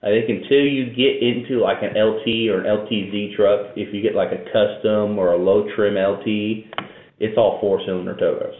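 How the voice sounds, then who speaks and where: A man's voice: fairly low pitch, fairly even intonation, normal speed. A man talking casually as a guest, explaining trucks and towing at length with fillers and restarts. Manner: knowledgeable, rambling, frequent fillers and restarts. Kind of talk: casual interview talk. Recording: echoey room over a tinny phone-like line.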